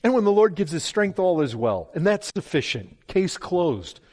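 Fervent preacher in a reverberant hall. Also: male voice, high voice, big pitch swings, moderate pace. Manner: fervent, swings from hushed to loud pleading. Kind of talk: sermon.

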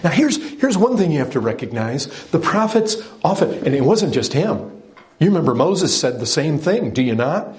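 A man's voice: on the high side, big pitch swings, moderate pace, a little mellow. A man preaching a sermon, speaking with emphasis and putting direct questions to his listeners. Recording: echoey room.

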